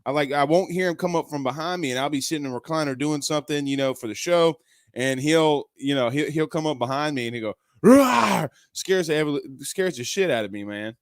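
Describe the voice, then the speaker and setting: A man's voice: a little high, fast talker, clean tone, no room sound, clean studio sound. A man hosting a live sports talk show, chatting loosely with lots of fillers and restarts.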